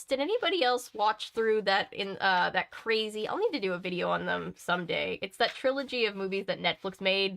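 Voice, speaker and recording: A woman's voice: mid-range voice, creaky, fairly bright tone. Chatty young woman reading a novel aloud. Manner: chatty and giggly, with frequent ums and sarcastic remarks. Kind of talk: casual book reading with chatty asides.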